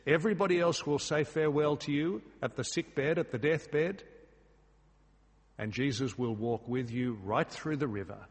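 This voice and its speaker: A man's voice: on the high side, normal speed, husky, long reverb tail. A man preaching a sermon in a church, earnest and emphatic, asking his listeners rhetorical questions. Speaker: pastor.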